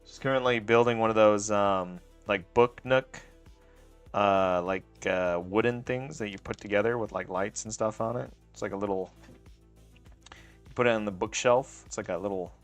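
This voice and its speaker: A man's voice: lowish voice, normal speed, soft background music. A man hosting a casual livestream, joking and laughing often as he talks to chat while working on a craft. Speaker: livestream host.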